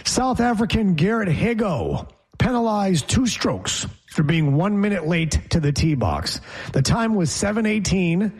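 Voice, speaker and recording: A man with a slightly raised, husky voice co-hosts a casual sports talk show. He riffs loosely and drifts into sarcastic asides, now and then mocking how other people talk. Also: sits high, sing-song, measured pace, a little mellow. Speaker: co-host.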